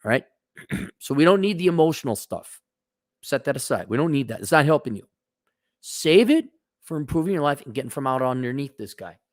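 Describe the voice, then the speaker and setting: A man's voice: mid-range voice, very animated, fairly quick, no echo, clean studio sound. A man hosting a casual advice rant, blunt and sarcastic, talking in a stop-start way. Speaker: host.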